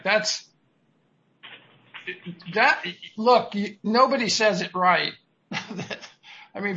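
A man coaching his team on their pitch in a meeting, talking in an emphatic, repetitive, upbeat way. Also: sharp tone, lo-fi sound. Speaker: sales coach.

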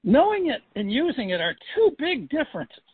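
This sales coach has a very high-pitched, breathy voice that swoops wildly as he talks at normal speed to trainees over a dry, echo-free phone line. He is emphatic, saying key points again and again for stress.

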